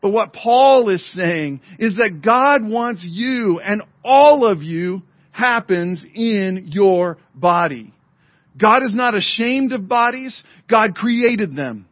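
A man preaching a sermon as pastor, speaking emphatically to the congregation and online viewers, slowing down and dropping to a murmur for effect. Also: high-pitched, expressive, no room sound. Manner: emphatic preaching with dramatic slowdowns and drops to a murmur. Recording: dull lo-fi sermon audio.

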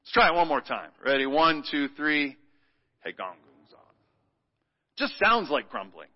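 Preacher, male, slightly high voice, playful call-and-response, long church reverb. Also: sing-song, moderate pace. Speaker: pastor. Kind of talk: sermon. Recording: muffled sound with long hall reverb.

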